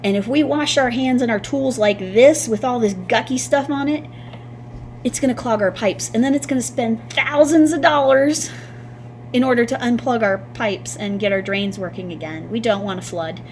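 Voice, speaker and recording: A woman's voice: on the high side, moderate pace, darkish tone, slight background noise. A woman art teacher giving a patient, sing-song classroom lesson to young children.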